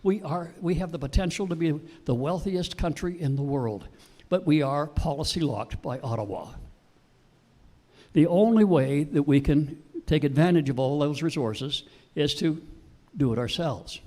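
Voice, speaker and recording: A man's voice: a little high, expressive, moderate pace, mellow. A man speaking at a political town hall, giving an impassioned, emphatic speech. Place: public meeting hall.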